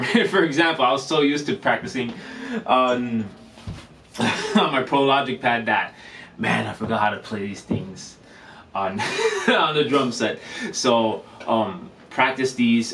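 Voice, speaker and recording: A man giving a casual drum lesson in a vlog, talking in a relaxed, rambling way with lots of fillers and restarts. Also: medium pitch, slight background noise. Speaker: drum teacher vlogger. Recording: distant mic, faint room ambience.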